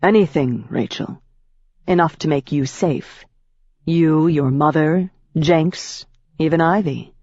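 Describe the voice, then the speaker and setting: Woman narrator doing a calculating young elf tycoon, low-voiced, clipped and insistent, in an audiobook. The sound is dry and a little dull, with no room around it. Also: takes it slowly, darkish tone, no room sound, heavily acted. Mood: persuasive. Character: polished young male elf businessman, cold and calculating. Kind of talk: audiobook character voice.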